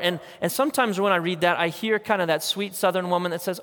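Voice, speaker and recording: A male pastor delivers a sermon in a conversational, earnest way. His voice sits a little higher than most men's. He drives his points home with repeated phrases, and his words ring out with the long reverb of a large church sanctuary. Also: fairly even intonation, quick pace, few pauses. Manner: earnest, conversational storytelling with emphatic repetition.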